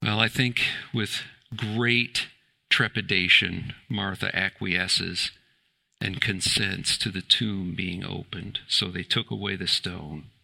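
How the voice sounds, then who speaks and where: Man, pastor, sermon, church, bright tense voice, rhetorical questions, emphatic. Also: deep voice, steady tone, takes it slowly, gravelly.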